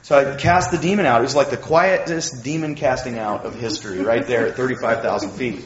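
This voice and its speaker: A man preaching in a relaxed, chatty way, weaving personal stories into his sermon and checking in with the listeners. The sound is a little dull and roomy, with a faint hum behind it. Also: medium pitch, brisk. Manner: conversational, animated storytelling, asks the audience questions.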